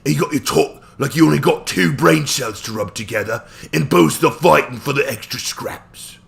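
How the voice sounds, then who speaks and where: A man voicing a dim-witted, brutish male orc in a put-on Cockney accent, talking in a half-shouted growl as he answers a live-stream chat. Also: a little high, moderate pace, vocal fry, voice pushed up. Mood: boastful.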